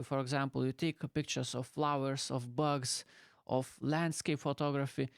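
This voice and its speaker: A YouTuber speaking in halting, non-native English in a casual explainer vlog, recorded in a small bedroom on a close dynamic mic. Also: male voice, a little high, dry recording. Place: small bedroom with pillows piled around. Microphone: close dynamic studio mic.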